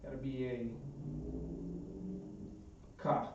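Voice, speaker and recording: A man's voice: medium pitch, little pitch movement, drawn-out words, noisy background. Man teaching a class, echoey room. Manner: explains step by step, often asks "understand?". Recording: echoey room, distant dull sound.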